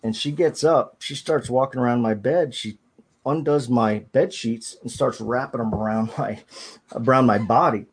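A man, a podcast guest, recounting a personal ordeal in a halting, hesitant way, often restarting his sentences. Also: mid-range voice, breathy edge. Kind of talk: personal storytelling in an interview.

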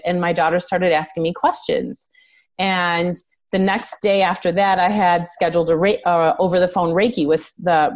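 Earnest woman with a lowish voice. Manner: earnest, emotional, candid, with casual swearing. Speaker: podcast guest. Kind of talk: personal storytelling in an interview.

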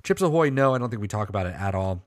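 A man's voice: lowish voice, animated, racing, dry recording, clean studio sound. A man co-hosting a podcast in casual chat, rambling and joking, swearing freely. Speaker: podcast co-host.

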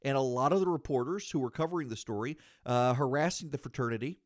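A man's voice: mid-range voice, fast talker, no echo, studio quality. A man hosting a podcast, giving solo political commentary in an indignant, argumentative way and repeating phrases for emphasis. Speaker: podcast host.

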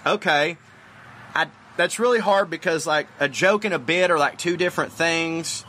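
A man's voice: on the high side, normal speed, pushed and bright. A man, chatting casually and profanely as he answers fan questions on his porch. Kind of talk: casual Q&A monologue. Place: outdoors on a porch.

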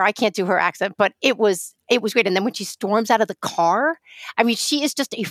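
A woman co-hosting a podcast, chatting casually in a halting way, with many fillers and restarts. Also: mid-range voice, fairly bright tone, no echo, clean studio sound. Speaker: podcast co-host. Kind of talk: casual chat.

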